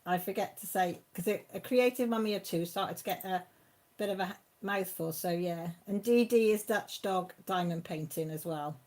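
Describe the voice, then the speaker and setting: A chatty woman hosts a relaxed live stream, answering her viewers by name. She laughs easily and keeps things informal, at a middling pitch for a woman. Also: normal speed. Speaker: channel host reading live chat. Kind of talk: casual live-stream chat.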